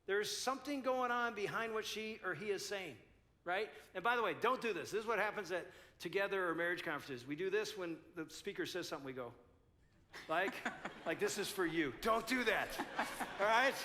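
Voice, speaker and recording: A man's voice: high-pitched, lively intonation, brisk, sharp tone. An older man in his sixties, a pastor speaking at a couples conference, telling a story animatedly and acting out both sides.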